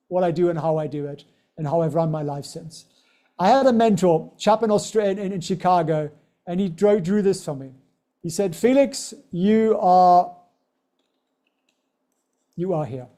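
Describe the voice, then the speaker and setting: Chatty man teaching trading live, mellow voice. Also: sits high. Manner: chatty and joking, speaking straight to viewers. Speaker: stock trading educator hosting a livestream. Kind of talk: casual livestream teaching.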